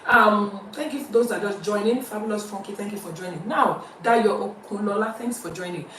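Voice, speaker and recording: A woman with a Nigerian accent hosts a live-streamed talk show, chatting freely and reading viewer comments aloud. She moves between English and Yoruba. Her voice sits at a middle pitch and is heard from some distance in a roomy space, with faint ambience behind it. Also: fairly quick, a bit bright, a little hiss or hum.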